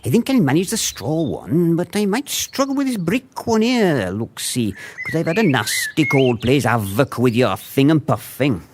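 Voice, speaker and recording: A woman's voice: low voice, very animated, normal speed, hardly any pauses, darkish tone, a little hiss or hum. Woman putting on a big bad wolf with a cold. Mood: grumbly.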